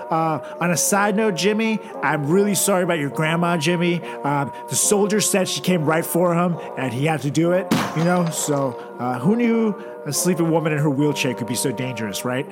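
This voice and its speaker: A man with a slightly high voice co-hosts a comedy podcast, delivering dry, sarcastic bits in a rambling stream full of restarts. Faint music sits quietly beneath him. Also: animated, normal speed, few pauses. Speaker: podcast co-host.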